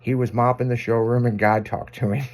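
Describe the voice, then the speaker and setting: A man's voice: mid-range voice, level tone, a little fast, darkish tone. A man hosting a radio show, telling rambling, profane stories in a casual on-air chat. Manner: rambling, profane, self-amused anecdotes.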